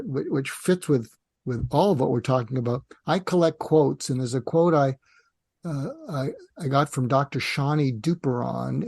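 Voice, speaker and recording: Gravelly older man telling a personal story. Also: mid-range voice, darkish tone, no echo. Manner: reflective, halting with restarts. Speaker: podcast co-host, psychiatrist.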